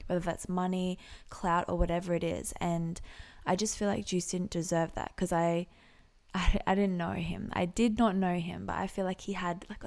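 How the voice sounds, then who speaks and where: A woman giving casual, reflective reaction commentary on a song, soft-spoken and sometimes slipping into whispered asides. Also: fairly low pitch, vocal fry. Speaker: music reaction vlogger and singer.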